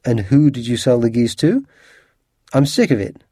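A man voicing a quick-tempered working-class goose seller who blusters and boasts in a storybook reading. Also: on the high side, warm tone, dry recording, clean studio sound, voice pushed up. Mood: indignant.

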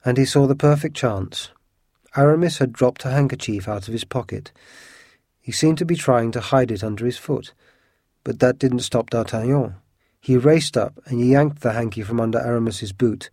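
A man reading an adventure story aloud as an audiobook in a steady, measured voice. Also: medium pitch, breathy edge, no echo, clean studio sound. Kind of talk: audiobook narration.

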